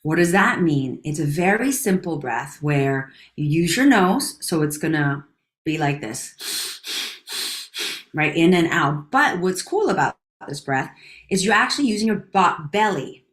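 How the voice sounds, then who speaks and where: Calm woman guiding breathing, echoey room. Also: on the low side. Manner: calm, slow counting of breaths, dropping to near whispers. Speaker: breathing instructor. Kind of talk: guided breathing exercise.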